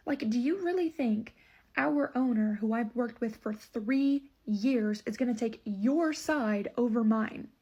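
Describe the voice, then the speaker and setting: A woman's voice: on the high side, measured pace, warm tone, slightly rough, lo-fi sound. A woman who manages a store, telling a customer story in an indignant, emphatic, casual storytime way. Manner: indignant, emphatic retelling with asides.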